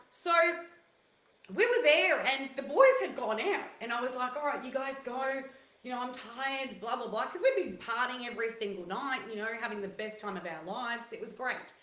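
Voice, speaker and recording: A chatty woman host telling personal stories and giving relationship advice in a loose, rambling way. Her voice sits a little high, and the room around her adds a noticeable echo. She fills gaps with "you know" and "like" as she goes. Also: a bit bright. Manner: chatty, storytelling with fillers and quoted asides. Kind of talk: casual chat. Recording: roomy echo.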